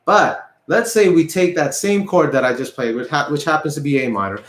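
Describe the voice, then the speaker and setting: A man's voice: fairly high pitch, a little fast, a bit bright, reverberant. A man teaching an online guitar lesson, patient and repetitive, counting beats aloud as he explains. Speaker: music teacher. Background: guitar playing.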